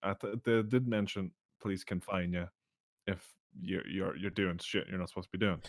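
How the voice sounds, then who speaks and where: A man's voice: sits low, steady tone, moderate pace, no echo, studio quality. A young man co-hosting a casual podcast, teasing the others, swearing and repeating words. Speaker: podcast co-host. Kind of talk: casual chat.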